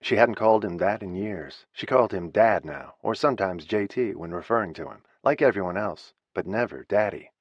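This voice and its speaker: Low-voiced male audiobook narrator. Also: expressive, no room sound. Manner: measured, somber reading. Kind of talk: scripted narration. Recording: slightly muffled dry studio recording.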